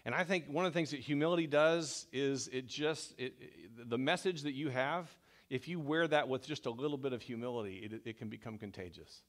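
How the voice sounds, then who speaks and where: A middle-aged pastor gives a sermon in a church sanctuary, speaking in a conversational, self-deprecating manner and often restarting his sentences. His voice is medium-pitched and fairly quick, with few pauses.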